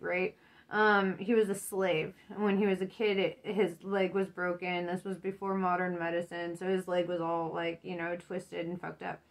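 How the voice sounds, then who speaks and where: A woman giving a casual tarot reading, rambling and encouraging, swearing freely. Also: mid-range voice. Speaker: tarot reader.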